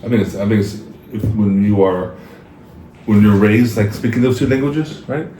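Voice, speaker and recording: Very deep-voiced man, thinking aloud. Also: normal speed, mellow. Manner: thoughtful, searches for words as he talks. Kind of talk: casual chat. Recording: echoey room, faint noise.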